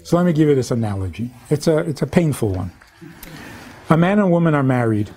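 A man's voice: a little high, animated, a little fast, mellow. A man, a rabbi giving a humorous lecture on relationships, who tells stories, acts out little dialogues and slips in wry jokes.

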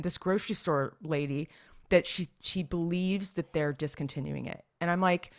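A woman chatting casually as a podcast co-host, animated and rambling with lots of fillers. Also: lowish voice, moderate pace. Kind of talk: casual chat.

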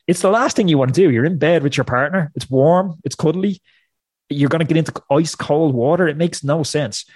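A man's voice: on the high side, a little fast, a little mellow, no room sound. A man speaking as a podcast guest in an emphatic, motivational way. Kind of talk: podcast interview talk.

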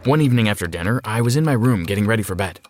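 A man narrating a first-person story in an expressive storytelling manner. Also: lowish voice, racing, background noise.

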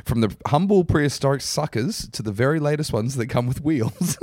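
A man's voice: mid-range voice, lively intonation, moderate pace, darkish tone, no echo, clean studio sound. A young man co-hosting a podcast in casual, sweary banter, laughing often and reading out a story. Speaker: podcast co-host.

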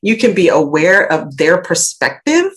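Woman, Southern US accent, low pitch, earnest and reflective, interview guest. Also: a little slow, rough recording. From raised in Michigan and Alabama. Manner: reflective, earnest, animated when quoting others. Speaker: guest, aromatherapy expert. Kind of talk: podcast interview conversation.

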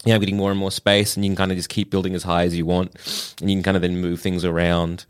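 A man's voice: low-pitched, little pitch movement, fast talker, clear, resonant tone. A man in casual conversation about a video game, rambling with many fillers and restarts. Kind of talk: casual gaming chat.

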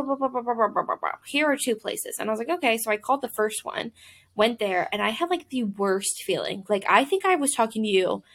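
A woman co-hosting a casual podcast chat, telling stories in an animated, chatty way with lots of "like". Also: mid-range voice, creaky. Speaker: podcast co-host.

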